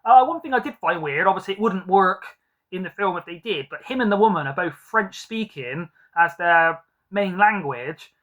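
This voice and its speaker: A man's voice: sits high, lively intonation, normal speed, fairly bright tone. A man hosting a casual film review chat, rambling with frequent ums and likes. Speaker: film collector host.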